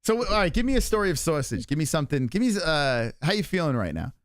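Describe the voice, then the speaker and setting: Male streamer, forties, rambling and profane, very animated pitch, dry close sound. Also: quick pace, no room sound. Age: 40s. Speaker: stream host. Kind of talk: casual live-stream chat.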